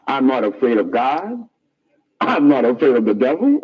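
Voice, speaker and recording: A man telling his life story in a rambling, animated way, often laughing at his own remarks. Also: mid-range voice, normal speed, slightly rough, dull audio.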